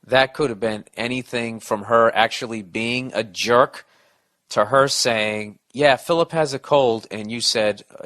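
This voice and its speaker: Blunt, forceful man ranting on a podcast. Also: mid-range voice, measured pace. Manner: profane, blunt, restless rambling with restarts. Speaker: podcast host giving listener advice. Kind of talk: casual podcast rant.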